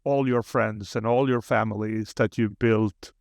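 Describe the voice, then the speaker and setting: A man's voice: fairly low pitch, steady tone, measured pace, creaky, no room sound, clean studio sound. A man from Sweden with a Swedish accent, a guest speaking in a humble, earnest way in a casual interview. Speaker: podcast guest.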